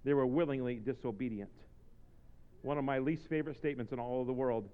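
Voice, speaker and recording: A man preaching a sermon as pastor, swinging from low, joking asides to shouted exhortations in plain-spoken language. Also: fast talker, clean tone. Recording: reverberant, slightly dull hall recording.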